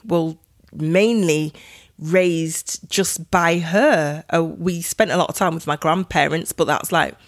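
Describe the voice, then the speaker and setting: A middle-aged woman hosting a podcast, chatting casually about her life and laughing at herself. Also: fairly low pitch. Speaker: podcast host. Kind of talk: casual personal podcast monologue.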